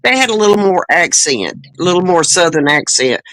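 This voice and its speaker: A speaker in a casual group chat who talks haltingly, repeating words and restarting sentences. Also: mid-range voice, sing-song, a bit bright, no echo. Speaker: chat panelist.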